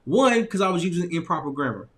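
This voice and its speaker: High-voiced Southern man telling a story. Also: very animated, fast, fairly bright tone. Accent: Southern US, Arkansas. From Little Rock, Arkansas, US. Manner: loose, repetitive phrasing with frequent laughs and restarts. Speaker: motivational speaker. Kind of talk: casual storytelling talk.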